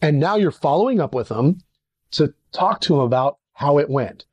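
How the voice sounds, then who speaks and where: A man's voice: moderate pace, slightly rough, no room sound. A middle-aged man, a ministry leader, giving a conversational leadership teaching and acting out little dialogues. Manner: animated, acts out little dialogues with sudden pitch jumps.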